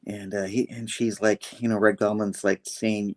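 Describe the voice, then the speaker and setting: A man's voice: fairly low pitch, level tone, normal speed, few pauses. A man co-hosting an online comic review show, recapping the plot loosely with lots of fillers over a remote call link. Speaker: comic book reviewer and co-host.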